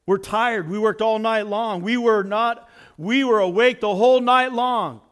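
A man's voice: high voice, a little slow, fairly bright tone, clean tone. A man voicing the fisherman Peter, weary and complaining after a long night of work. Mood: grumbling. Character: tired, grumbling fisherman Peter.

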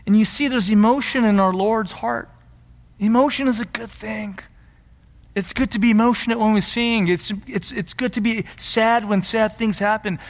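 A man's voice: sits high, fairly even intonation, normal speed, big-room sound. A man preaching a sermon as pastor, emphatic and repeating his key phrases.

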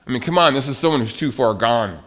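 A man preaching a sermon in a conversational, animated way, swinging between soft and loud. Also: mid-range voice, fast. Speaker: pastor.

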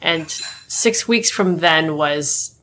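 Low-voiced woman, reflective and amused. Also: extremely slow, fairly bright tone, a little hiss or hum. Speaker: podcast co-host. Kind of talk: casual chat.

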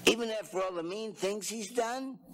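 A man's voice: high voice, moderate pace, a bit bright, slight background noise, voice pushed up. A man doing an earnest young boy. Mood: doubtful.

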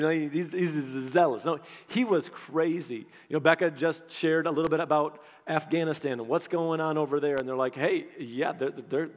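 A pastor preaching a sermon in an animated, conversational way, acting out quotes as he goes. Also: fairly high pitch. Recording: long hall reverb.

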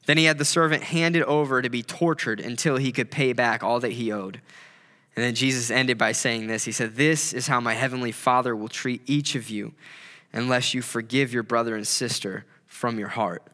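A man's voice: mid-range voice, steady tone, normal speed, bright, forceful tone, in a large hall. A man preaching a sermon in a conversational way, retelling a parable with quoted voices. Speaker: pastor.

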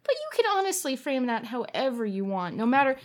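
A woman co-hosting a casual podcast, reading a spooky story aloud and chatting with lively, rambling asides. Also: a little high, a little fast. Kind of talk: casual chat.

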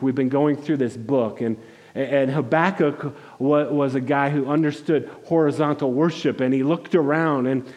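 A man's voice: fairly high pitch, long reverb tail. A pastor delivering a conversational sermon, acting out quotes and restarting his phrases often. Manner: conversational, animated, frequent restarts and acted-out quotes.

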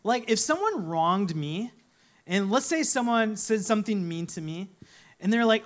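A man's voice: high voice, lively intonation, normal speed, a bit bright. A man preaching a sermon as a pastor, talking conversationally and telling stories with voiced quotes.

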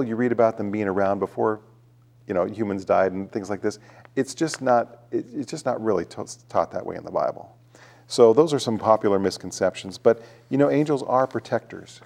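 A man hosting a talk show, explaining things in a calm, teacherly way. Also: on the low side, fairly quick, creaky. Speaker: host.

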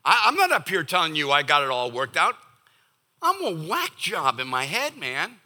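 Lively, bright-voiced man preaching casually. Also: on the high side, moderate pace. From Boston area. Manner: animated and jokey, acts out listeners' voices. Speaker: pastor. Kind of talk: conversational sermon.

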